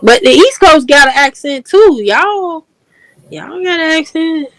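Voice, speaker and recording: A young woman with a Chicago accent in casual chat, animated and quick to laugh. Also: sits high, no room sound.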